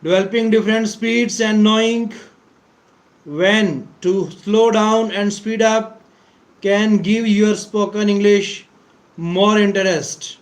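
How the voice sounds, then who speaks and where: Man, English teacher, high voice, slow deliberate lecture, repeats words, clears throat. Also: fairly even intonation, poor audio.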